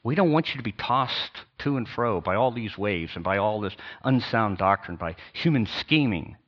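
An older man, a pastor, preaching a sermon in an emphatic, sarcastic way with pauses and restarts. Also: lowish voice, expressive, dull audio.

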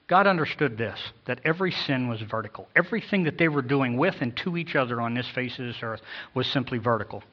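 A male pastor preaching a sermon in an emphatic way, with sudden swells in loudness. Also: medium pitch, animated, fast. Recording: dull lo-fi sound.

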